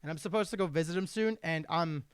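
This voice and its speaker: A man's voice: a little high, quick pace, clean tone, no room sound, clean studio sound. A man with a New York accent hosting a podcast, rambling casually and swearing freely. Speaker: podcast host.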